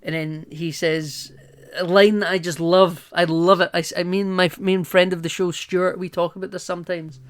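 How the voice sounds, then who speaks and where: A man's voice: sits high, flat delivery, normal speed, fairly bright tone. Chatty man rambling through a film review. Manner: rambling and playful, with frequent asides and laughs. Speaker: podcast co-host. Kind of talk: casual film-review chat.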